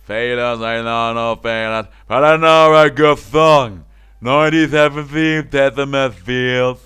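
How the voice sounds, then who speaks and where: A man voicing a rowdy drunk man who bellows a drinking song in a loud, drawn-out, off-key way, reading game dialogue aloud. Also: medium pitch, steady tone, clear, resonant tone, soft background music, voice pushed up, close to an everyday voice. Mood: bellowing song.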